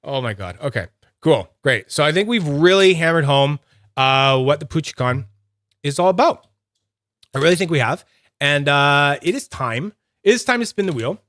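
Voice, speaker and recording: A man's voice: fairly high pitch, lively intonation, moderate pace, fairly bright tone, dry recording, studio quality. A Canadian man hosting a casual livestream, rambling and joking at his own expense. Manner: rambling, self-mocking, laughs often. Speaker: livestream host reviewing fidget toys.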